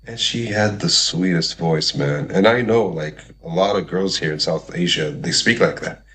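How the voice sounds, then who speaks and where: A man's voice: low voice, normal speed, fairly bright tone, rough recording. A man telling a story in a loose, rambling vlog monologue, swearing freely and tossing in "man" and "like". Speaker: vlogger.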